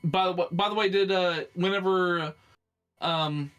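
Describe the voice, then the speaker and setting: A man talking as a player in a tabletop game, halting and full of fillers and restarts. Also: sits high, steady tone, a bit bright, clear, resonant tone. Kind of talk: casual tabletop game chat.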